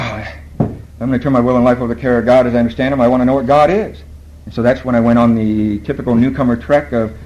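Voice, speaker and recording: A man's voice: mid-range voice, darkish tone, dull audio, a little hiss or hum. A man speaking at a recovery meeting, telling his story in a storytelling way, quoting other people and laughing at his own lines.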